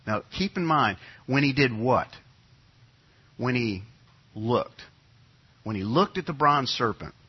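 Husky, animated male preacher. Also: mid-range voice. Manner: animated storytelling, acts out crowd voices. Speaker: pastor. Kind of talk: sermon. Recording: dull lo-fi sound.

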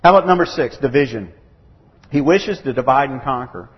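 A man's voice: mid-range voice, lively intonation, fairly quick, big-room sound, dull audio. A man preaching a sermon to a gathering of men, emphatic and acting out quoted voices. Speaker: pastor. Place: church or meeting room.

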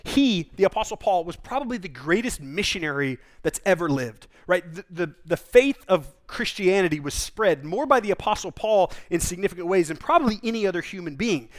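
High-voiced man preaching a lively sermon. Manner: conversational, animated storytelling with quick asides. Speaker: pastor.

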